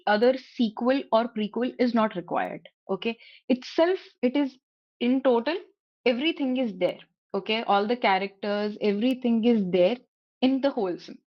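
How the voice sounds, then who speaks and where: A woman's voice: fairly high pitch, muffled recording. A woman with an Indian accent giving an online talk, explaining terms and often checking in with "okay?". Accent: Indian English. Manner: explains in English mixed with Hindi, frequent "okay?" checks. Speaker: guest speaker on reading. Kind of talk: online presentation with slides. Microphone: video call.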